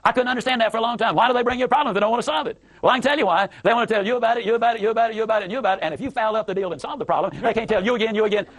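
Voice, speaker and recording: A man's voice: high-pitched, racing, few pauses, a bit bright. A man giving a motivational talk, telling a story in an emphatic, folksy way with repeated phrases. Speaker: motivational speaker.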